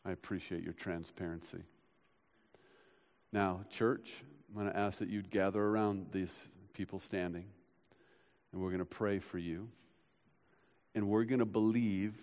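A man preaching a sermon as pastor, swinging from loud urgent builds to soft hushed passages, recorded in a church. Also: low-pitched, fairly even intonation, unhurried, pauses often. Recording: long hall reverb.

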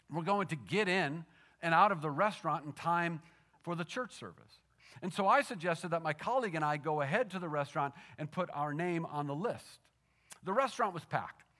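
A male pastor delivering a sermon, telling a story that swings from animated to soft and hushed, often repeating words as he builds a point. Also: on the high side.

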